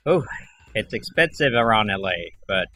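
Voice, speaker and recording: A man's voice: on the low side, expressive, moderate pace, bright, forceful tone. A young man hosting a livestream, chatting casually and rambling, now and then acting out callers. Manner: rambling, acts out callers in quoted voices. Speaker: livestream host. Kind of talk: casual chat to a stream audience.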